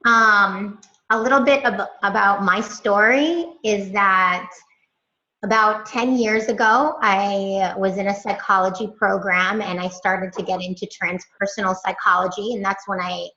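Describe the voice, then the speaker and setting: A woman's voice: mid-range voice, fairly even intonation, unhurried, bright, forceful tone, roomy sound, dull audio. An American woman introducing herself on a video call, hesitant, with many fillers. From United States. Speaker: course participant.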